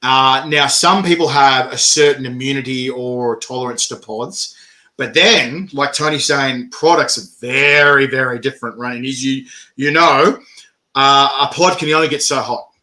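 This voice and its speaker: Man, host, bright tone, casual, swears, laughs a lot. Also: mid-range voice, moderate pace. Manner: animated, laughs often, swears freely. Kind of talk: casual interview on a livestream.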